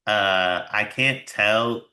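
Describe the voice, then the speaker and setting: Low-voiced man in loose sports chat. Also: extremely slow, sharp tone. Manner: loose and rambling, full of filler words and restarts. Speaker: podcast co-host.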